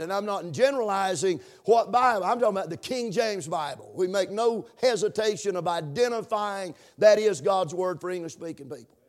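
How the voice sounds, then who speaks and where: A man preaching a sermon as pastor, repeating words, stumbling over fillers and swinging into shouts. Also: high-pitched.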